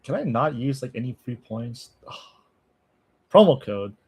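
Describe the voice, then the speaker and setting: A man's voice: medium pitch, big pitch swings, unhurried, a little mellow, husky. A man chatting casually with viewers on a livestream, thinking aloud, laughing often and trailing off into asides. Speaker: language-learning streamer.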